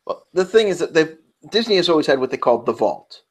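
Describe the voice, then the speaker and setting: A man's voice: a little high, sing-song, fairly quick. A man with a New York accent co-hosting a casual podcast, talking in a chatty, rambling way and often restarting his sentences. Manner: chatty, rambling, self-interrupting. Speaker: podcast co-host. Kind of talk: casual round-table chat.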